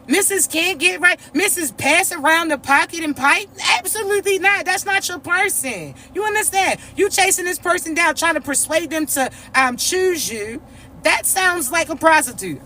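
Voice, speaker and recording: A woman's voice: very high-pitched, pushed and bright, a little hiss or hum. A woman, giving a blunt, profane spiritual pep talk full of slang to her viewers. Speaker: spiritual reader.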